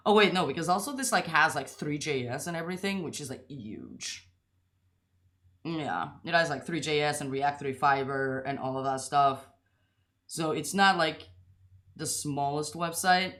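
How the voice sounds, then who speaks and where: A woman's voice: sits low, animated, moderate pace, a bit bright. A young woman talking casually through a coding tutorial, chatty and rambling, with a lot of "like" and some self-deprecating jokes. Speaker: tutorial host.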